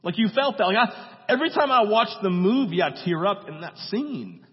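A man with a high voice preaches a sermon in a relaxed, conversational way, often checking in with the congregation and briefly voicing scenes he retells. His voice rings with a long hall echo. The sound is dull and muffled. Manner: acts out movie dialogue in quick voices. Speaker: pastor.

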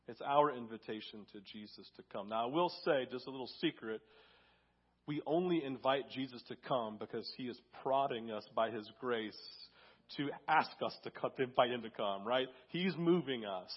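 A man's voice: medium pitch, husky, highs cut off. A man preaching a conversational sermon, telling a story and acting out quotes, a little sick that day. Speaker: pastor.

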